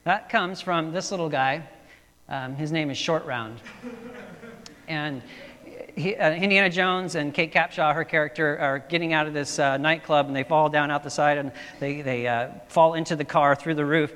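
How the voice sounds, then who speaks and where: A man's voice: a little high, fairly even intonation, normal speed, a bit bright, clean tone, big-room sound. A man preaching a sermon as pastor, telling stories in a casual way with many fillers and restarts.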